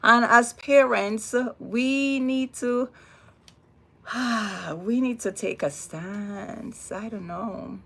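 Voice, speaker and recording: A woman's voice: fairly high pitch, very slow, gravelly, fairly bright tone, slightly rough. A woman with a Jamaican accent hosting a casual livestream, talking emphatically and repeating words for weight. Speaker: livestream host.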